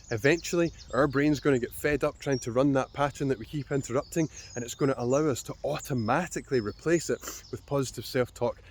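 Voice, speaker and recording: Calm encouraging man coaching. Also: medium pitch, slight background noise. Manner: calm, encouraging, direct address. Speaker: fitness coach. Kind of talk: instructional talk to camera.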